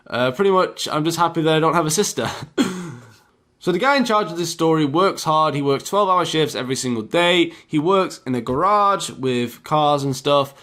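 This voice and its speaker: Male vlogger, rambling, animated storyteller, slightly high voice. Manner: rambling, animated retelling with fillers. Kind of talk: casual storytelling.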